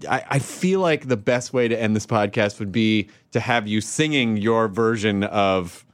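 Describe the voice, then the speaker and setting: A man's voice: fairly low pitch, measured pace, no echo. A man from Tennessee hosting a podcast, joking playfully with his guest. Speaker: podcast host. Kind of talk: casual chat.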